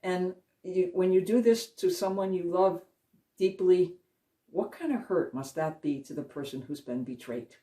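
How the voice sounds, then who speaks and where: A woman with a lowish voice tells a scripture story as a devotional talk, earnest and deliberate, drawing out the key moments. She sits a little back from the microphone, so the sound is slightly distant. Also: warm tone. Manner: earnest retelling, slows for emphasis. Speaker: Christian speaker.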